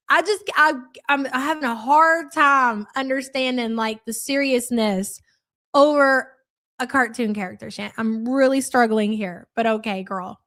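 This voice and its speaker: A woman's voice: a little high, fairly bright tone. Sarcastic middle-aged woman streamer. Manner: sarcastic and mocking. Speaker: reaction livestream host. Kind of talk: live reaction commentary, reading chat messages.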